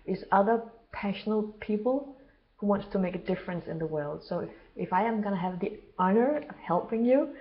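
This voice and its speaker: A woman talks straight to the listener in an earnest, unscripted monologue. Her voice sits at an ordinary middle pitch, and she often stops mid-sentence to hunt for the right English word. The sound is a little dull and lo-fi. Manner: earnest, halting, searches for words mid-sentence. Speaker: self-described healer and therapist. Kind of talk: casual spoken monologue. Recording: slightly dull lo-fi recording.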